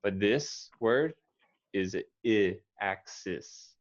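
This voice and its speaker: American male ESL teacher, low voice, patient corrective delivery, muffled lo-fi call audio. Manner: patient, corrective, models words slowly. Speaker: English pronunciation teacher. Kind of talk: one-on-one pronunciation lesson.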